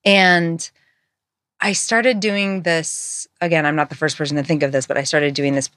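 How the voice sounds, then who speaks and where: Low-voiced woman, earnest and searching. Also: steady tone, fairly bright tone, dry recording, clean studio sound. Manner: earnest, searching, halting phrasing with many fillers. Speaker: guest, author and musician. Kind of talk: reflective conversational interview.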